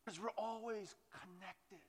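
A male pastor preaching a sermon in an earnest, conversational way, dropping to soft hushed asides, in a church with a long hall reverb. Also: high voice, fairly even intonation, a little slow, breathy edge.

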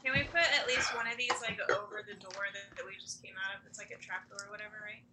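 A woman's voice: mid-range voice, heavy background noise. A woman playing in a tabletop game, chatting casually with many fillers. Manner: quick, casual, filler-heavy. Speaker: player.

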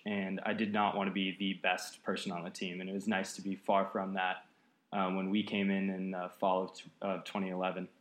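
Recorded with a roomy sound in an apartment, this late-twenties man from the Seattle area, United States, speaks in a low voice. He's a podcast guest in a casual interview, rambling easily with lots of fillers.

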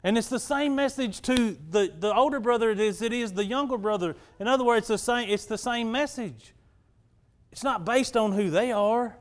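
A male pastor preaches in a folksy, talky way, often tossing questions back to the congregation. His voice sits high for a man, and his sermon swings between easy chat and raised emphasis. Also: moderate pace. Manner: folksy, conversational, keeps asking the congregation "right?".

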